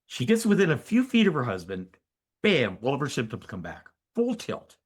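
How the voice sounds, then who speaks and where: An older man speaks as a physician guest on a podcast, telling his story with emphatic, animated energy. His pitch sits mid-range but swings widely as he leans into the key moments, often pausing to check in with the listener. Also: slightly rough. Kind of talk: conversational storytelling in an interview.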